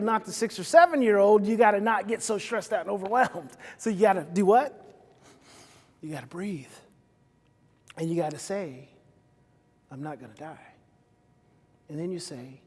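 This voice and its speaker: A man giving a live talk to an audience, energetic and repetitive, with loud emphatic bursts. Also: high-pitched, slightly rough. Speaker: speaker on stage. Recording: reverberant hall.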